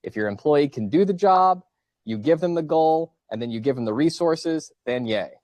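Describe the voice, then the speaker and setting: A man's voice: fairly high pitch, lively intonation, moderate pace, a little mellow, no echo. Man, 30s, college professor, casual joking lecture, dry close sound. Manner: casual, joking, asks the class questions. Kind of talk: classroom lecture with student banter. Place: classroom.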